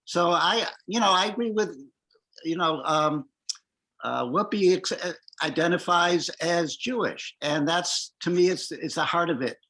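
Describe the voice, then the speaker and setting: A man speaking in a community discussion over a video call, halting with many restarts and fillers. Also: a little high, sharp tone, poor audio. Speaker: discussion participant.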